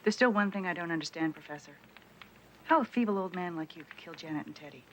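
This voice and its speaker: A woman's voice: on the low side, expressive, fast talker, fairly bright tone, a little hiss or hum, poor audio. An actress playing a firm, level-headed female police detective who reasons things out.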